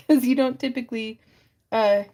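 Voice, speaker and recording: A woman's voice: on the high side, fairly even intonation, a little slow, warm tone. A woman hosting a crafting livestream from her craft room, chatting casually and thinking aloud with lots of fillers as she works. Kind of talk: casual chat while crafting.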